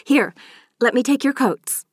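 A woman voicing an eager, excitable young girl who welcomes her guests in an audiobook. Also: high voice, unhurried, slightly rough, dry recording, studio quality, voice pushed up. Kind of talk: audiobook character reading.

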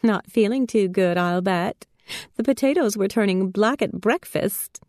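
Woman narrator playing a high, teasing, bouncy mill girl. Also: unhurried, darkish tone, no echo, studio quality, natural voice. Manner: teasing, light.

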